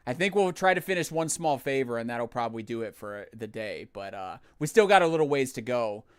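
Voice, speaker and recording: A young man streaming a game and chatting away, full of self-deprecating jokes. His voice is smooth and clear, recorded close and dry with no room sound, at an ordinary male pitch. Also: animated, a little fast, no room sound. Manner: self-mocking, jokey, chatty. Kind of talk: casual game livestream chat.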